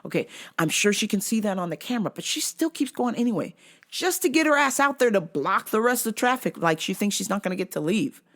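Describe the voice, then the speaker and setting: A woman's voice: mid-range voice, quick pace. A woman hosting her own show, telling a rant story casually, full of swearing and sound effects. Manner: profane, animated, frequent sound effects. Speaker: host.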